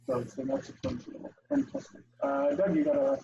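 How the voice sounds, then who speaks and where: A man teaching a class over a video call, lively and explaining step by step with many fillers, heard through dull, lo-fi call audio. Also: very high-pitched, a little fast, gravelly, background noise.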